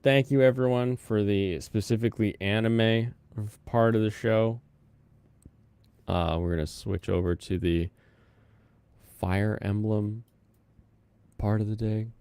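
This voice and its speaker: A man's voice: fairly low pitch, steady tone, slow, long pauses, darkish tone, smooth, no room sound. A man chatting casually on a live stream, rambling between topics and humming to himself.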